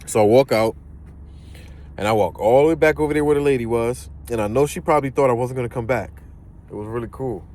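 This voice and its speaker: A man's voice: mid-range voice, fast talker. A young man casually telling a personal story, acting out the voices of the people in it. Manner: animated, acts out voices in the story.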